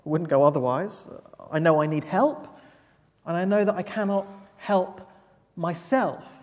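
A preacher delivering an earnest, emphatic sermon, pausing to stress key words. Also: mid-range voice, darkish tone. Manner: earnest, emphatic, with pauses for weight. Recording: long hall reverb.

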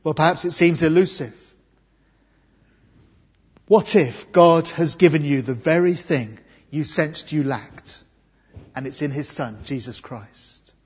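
Husky-voiced preacher in a reverberant church. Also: male voice, fairly high pitch. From England. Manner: earnest, emphatic, slows for key words. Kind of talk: Easter sermon. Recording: dull muffled sound with long hall reverb.

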